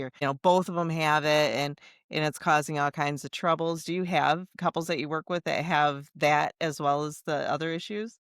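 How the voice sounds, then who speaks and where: A woman hosting a podcast, asking her guest questions in a measured, thoughtful way. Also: sits low, clear, resonant tone, dry recording, clean studio sound. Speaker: podcast host. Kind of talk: interview questions, conversational.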